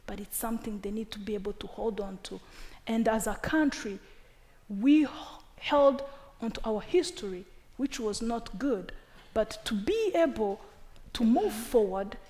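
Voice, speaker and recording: A woman's voice: on the high side, darkish tone. A woman from Rwanda speaking on a panel, earnest and repeating phrases for emphasis.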